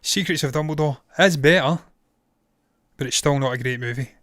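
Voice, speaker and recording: On a casual live stream, a film-reviewing man in his thirties speaks at a moderate pace in a fairly high, fairly bright voice. Blunt and opinionated, he swears freely, and the long stream has left him sounding tired and strained. The close, dry audio has no echo or room around it.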